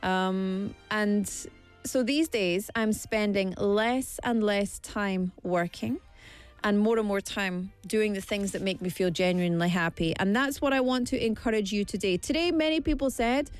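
A woman's voice: medium pitch, a little slow, clean tone, soft background music. A middle-aged woman teaching a word-of-the-day lesson in an encouraging, motivational way. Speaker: language teacher.

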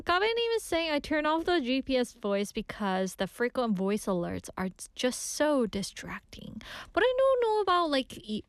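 Young female radio DJ, slightly high voice, chatty, reads listener mail, dry studio mic. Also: smooth, no echo. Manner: chatty, laughs often, mixes in Korean phrases. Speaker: radio show host. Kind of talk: casual radio chat reading listener messages.

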